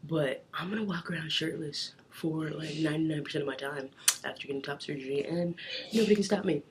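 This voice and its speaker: A man's voice: a little high, brisk, crowd noise. A young man chatting casually to the camera in his bedroom, rambling with lots of filler words and casual swearing. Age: young adult. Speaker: vlogger.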